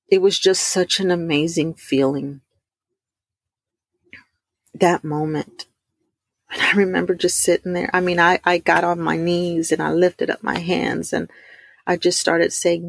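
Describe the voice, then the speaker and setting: A middle-aged woman, telling a heartfelt personal testimony to her listeners, warm and emotional, calling them y'all. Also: fairly low pitch, little pitch movement, gravelly, slightly rough, no echo, clean studio sound. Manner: emotional, addresses listeners as y'all, drawn-out emphasis. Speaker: host of a faith talk stream.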